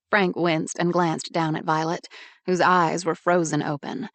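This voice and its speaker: A woman narrating an audiobook in a measured, even way. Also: lowish voice, dry recording. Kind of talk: scripted narration.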